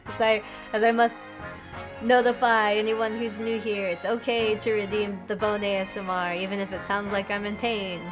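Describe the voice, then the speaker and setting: A woman streaming a game playthrough, chatting casually, often breaking into giggles and teasing the game's lines. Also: mid-range voice. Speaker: VTuber streamer. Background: game music.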